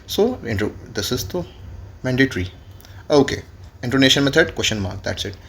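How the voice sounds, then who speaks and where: A man's voice: mid-range voice, big pitch swings, fairly quick, vocal fry, a bit bright. A man, teaching French grammar in a classroom lesson and spelling words out letter by letter. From India.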